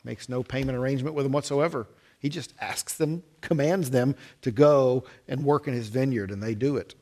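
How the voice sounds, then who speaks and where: A man's voice: on the high side, a little mellow. A man, a pastor giving a conversational sermon with wry asides.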